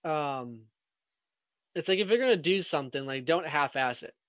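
A man's voice: fairly high pitch, expressive, normal speed, fairly bright tone, dry recording. A young man, a filmmaker guest on a podcast, chatting casually, rambling and swearing freely. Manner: rambling, swears freely, many "you know"s. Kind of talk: casual chat.

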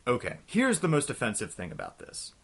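A young man hosting a comedic game review, ranting in an exasperated, scattershot way and talking himself back to calm. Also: mid-range voice, fairly quick, gravelly, husky. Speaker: host of a retro game review show.

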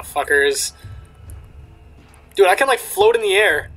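Young man, let's play commentary, excitable, swearing, slightly high voice, bouncy intonation. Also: unhurried, faint music behind, poor audio. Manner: excitable, swearing, lots of fillers. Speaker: gamer.

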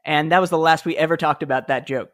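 A man's voice: fairly high pitch, steady tone, quick pace, a bit bright. Chatty man telling stories in an interview. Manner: chatty, with fillers and laughs. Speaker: podcast guest, former speechwriter. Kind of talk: casual interview storytelling.

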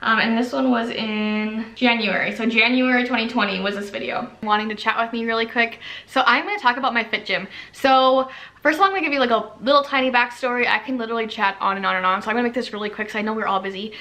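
A woman's voice: fairly high pitch, quick pace, pushed and bright, echoey room, recorded from a distance, poor audio. A young woman vlogger chatting casually and rambling, with lots of "like", as she reflects on her past as a fitness coach. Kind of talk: casual get-to-know-me chat.

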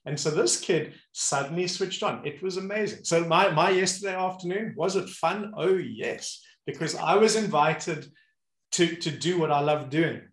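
A man hosting a casual conversation as a movement coach, telling animated stories and acting out the people he describes. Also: a little high, moderate pace. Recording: roomy echo.

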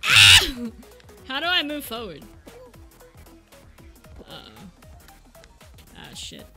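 A tipsy young woman comments on her racing game with a high, very animated voice that leaps all over the place. She drawls slowly, laughs, shouts and makes silly sound effects. Loud game music plays behind her. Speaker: gaming streamer. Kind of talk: drunk livestream commentary.

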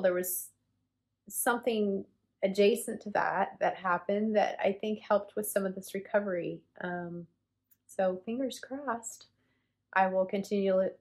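A woman's voice: medium pitch, vocal fry. Casual forties woman vlogger, chatty and rambling, self-deprecating, mid-range voice. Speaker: cross stitch vlogger. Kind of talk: casual chat to camera.

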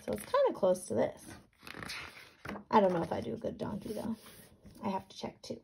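A woman teacher reading a picture book aloud to young students, animated, asking questions and sounding words out. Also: mid-range voice, brisk, creaky, a little hiss or hum.

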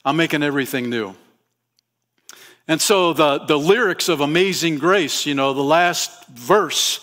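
A man's voice: on the high side, a little slow, a bit bright. A man as pastor, preaching a conversational sermon to his congregation in a church and asking them questions. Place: church sanctuary.

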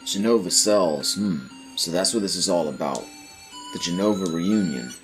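A man's voice: sits low, moderate pace. A man hosting a game playthrough, reading the dialogue aloud with dry asides. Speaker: let's play host. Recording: faint game music behind.

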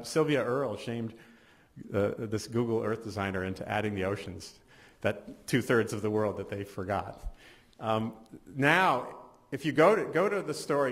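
Middle-aged male journalist, mid-range voice, casual symposium speaker, self-correcting, dry humor. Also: medium pitch. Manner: conversational, restarts often, wry asides. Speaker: science journalist. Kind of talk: conference talk. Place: symposium hall.

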